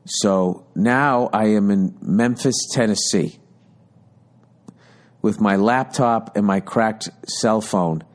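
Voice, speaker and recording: A man in his fifties hosts a podcast, slowly spinning a rambling, exasperated comic monologue laced with heavy swearing. His voice sits on the lower side.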